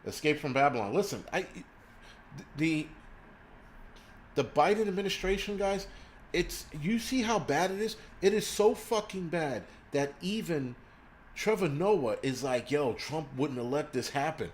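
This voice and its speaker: A man's voice: sits high, lively intonation, unhurried, slight background noise. Foul-mouthed man ranting on a livestream. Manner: crude, rambling, reacts to live chat. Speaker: livestream host. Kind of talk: profane ranting livestream chat.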